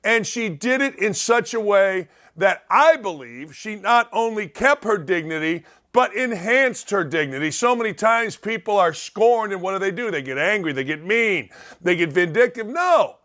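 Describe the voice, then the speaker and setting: Guy hosting a sports talk show, high voice, hammering his point home over and over. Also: animated, moderate pace, fairly bright tone. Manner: emphatic, repetitive, building. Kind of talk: opinionated monologue.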